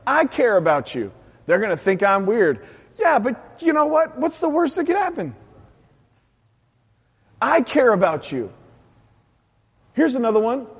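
A pastor preaching a lively, impassioned sermon, then dropping into a soft, quiet prayer. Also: male voice, extremely high pitch, unhurried, pauses often, husky. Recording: long hall reverb.

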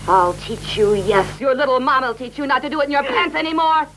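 A woman's voice: sits high, a little fast, fairly bright tone, slight background noise, rough recording. An actress voicing a cruel, domineering woman in dubbed film dialogue, taunting and commanding.

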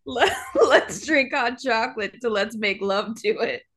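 A woman's voice: on the high side, wildly swooping pitch, slow pace, a bit bright, slightly rough. A woman co-hosting a casual film-review podcast, asking teasing questions with laughter. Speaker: podcast co-host.

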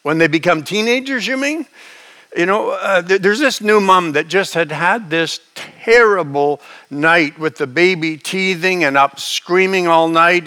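High bright-voiced male preacher. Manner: conversational, folksy, chuckling asides. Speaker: pastor. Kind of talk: sermon.

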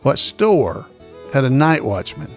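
A man's voice: mid-range voice, sing-song, takes it slowly, faint music behind. A man hosting a casual trivia podcast, repeating each question in a folksy, chuckling way. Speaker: trivia host.

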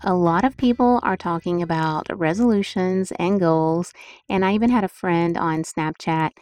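A woman's voice: lowish voice, normal speed, a little mellow. A middle-aged woman hosting a podcast, talking in a chatty, emphatic and upbeat way as she gives casual motivational advice. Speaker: podcast host.

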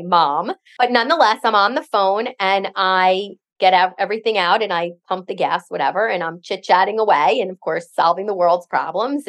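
A middle-aged woman co-hosting a podcast, telling a story in a chatty, animated way with lots of fillers. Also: medium pitch. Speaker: podcast co-host. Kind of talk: casual chat, storytelling.

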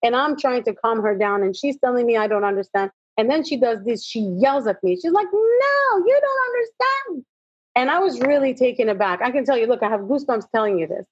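A woman's voice: on the high side, fast, hardly any pauses, breathy edge, dry recording. A middle-aged woman, a motivational speaker, telling her personal story as an interview guest and acting out the dialogue. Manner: animated storytelling, acts out dialogue. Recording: dull lo-fi audio.

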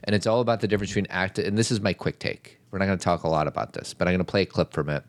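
A man's voice: low voice, racing. A middle-aged man co-hosting a podcast in a casual, joking way, often riffing on movie lines. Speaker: podcast co-host. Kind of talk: casual chat.

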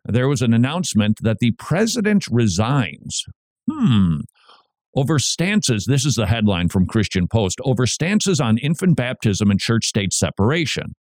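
Middle-aged male talk radio host, Minnesota accent, lively swooping delivery, dry close sound. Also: mid-range voice, unhurried, no room sound. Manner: animated, jokey, restless asides.

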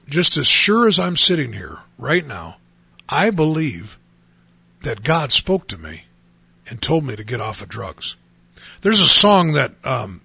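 A man's voice: mid-range voice, creaky, sharp tone, breathy edge, dry recording. A man in his fifties, a pastor and radio host, preaching a testimony in an earnest, emphatic way, repeating phrases for stress. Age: 50s.

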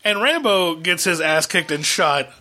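A man co-hosting a casual podcast, cracking sarcastic, deadpan jokes and acting out mock quotes. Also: a little high, a little slow. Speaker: podcast co-host. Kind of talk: casual chat.

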